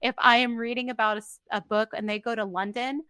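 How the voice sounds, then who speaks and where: A woman's voice: fairly high pitch, steady tone, sharp tone, clean tone, dry recording. A young woman co-hosting a podcast, chatting casually in an emphatic, talkative way. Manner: chatty, emphatic, quick asides. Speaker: podcast co-host. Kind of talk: casual chat.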